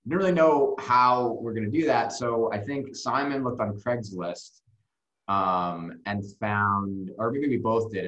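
A music video director appears as a guest and tells a long story casually, rambling with lots of fillers and swearing. His voice is fairly low and a bit bright. The sound is lo-fi, with a roomy echo.

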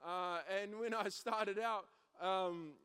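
A young man preaching a sermon, mixing scripture with a school story, energetic and emphatic with frequent restarts. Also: sits high, slow pace, smooth. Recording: long hall reverb.

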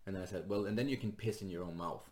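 A man's voice: deep voice, quick pace, a little mellow. A man, a stand-up comedian, telling a story in casual chat, laughing often and swearing freely. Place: Sweden.

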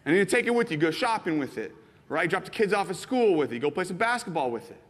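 A man preaching a sermon, animated and playful, acting out little scenes and jumping into excited voices for the people in his stories. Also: quick pace, in a large hall. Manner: animated, jumps into high excited voices when quoting. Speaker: pastor. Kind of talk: sermon with acted-out illustrations.

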